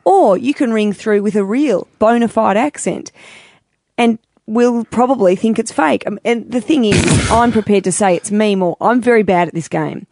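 A woman's voice: mid-range voice, normal speed, a little mellow, no room sound. A woman hosting a radio call-in show in a chatty, upbeat way, poking fun at herself now and then. Her voice sits in a middling range. She is recorded close and dry on a studio microphone. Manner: chatty, upbeat, self-deprecating. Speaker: radio host.

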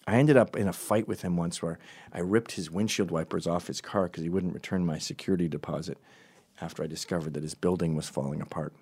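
A man with an American accent telling comic stories in a rambling, digressive way with deadpan asides. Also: deep voice, fast talker, husky, no echo. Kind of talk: comedic storytelling monologue.

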